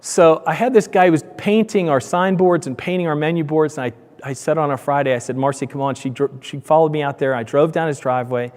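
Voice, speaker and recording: A man with a slightly higher voice presents to an audience, full of anecdotes. He jumps into acted-out voices for the people in his story. The sound carries a long hall echo. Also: fast talker. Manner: animated, acts out dialogue with raised pitch. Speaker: conference speaker, donut shop owner. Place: conference hall. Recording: hall reverb from a conference room.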